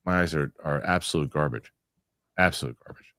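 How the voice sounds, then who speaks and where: A man's voice: a bass voice, brisk, bright, forceful tone, no room sound, studio quality. A man hosting a casual talk show, reading viewer comments and rambling through stories. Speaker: show host.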